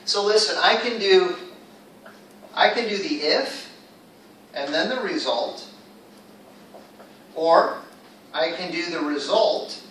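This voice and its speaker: A man's voice: high-pitched, animated, takes it slowly, pauses often, a bit bright, slight background noise. A man teaching an English class in a casual, upbeat way, quizzing his students. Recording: echoey room, far from mic.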